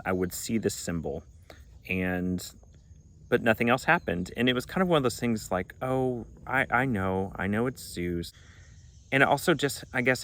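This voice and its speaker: A man's voice: low voice, gravelly, a bit bright. A man from Arkansas telling a personal spiritual story in an earnest, reflective way, sometimes acting out remembered dialogue. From Arkansas, United States. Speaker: pagan vlogger.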